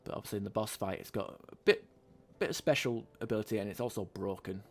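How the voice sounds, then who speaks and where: A man's voice: fairly low pitch, quick pace. A young man hosting a casual game playthrough, chatty and loose, swearing freely and reading item text aloud. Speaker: let's play host. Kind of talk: casual gaming commentary.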